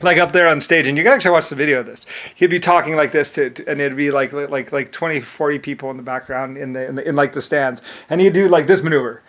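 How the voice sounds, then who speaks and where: A man's voice: a little high, steady tone, fast talker, a bit bright. A man telling a rambling story in a casual, profane way, full of fillers and laughter. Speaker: channel host.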